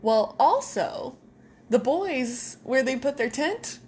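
A woman's voice: high-pitched, takes it slowly, husky. Chatty young woman telling stories. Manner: animated, laughing storyteller. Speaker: podcast co-host. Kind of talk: casual storytelling chat.

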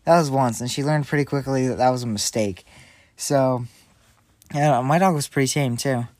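Man, casual co-host, easygoing, jokey, dry close sound, mid pitch. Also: moderate pace, darkish tone, dry recording. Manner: laid-back, joking, laughs often. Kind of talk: casual chat.

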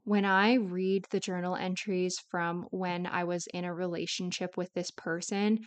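A woman's voice: on the low side, level tone, measured pace, clean tone. A young adult woman hosting a solo podcast, talking in a candid, confessional way with casual rambling and lots of "like" fillers. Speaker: podcast host.

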